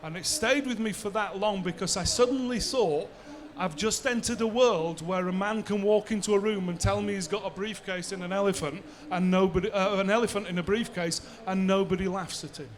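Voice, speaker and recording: A man's voice: sits high, brisk, few pauses. A man, giving a conversational conference talk and answering his own rhetorical questions. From Bradford, England. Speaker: seminar speaker.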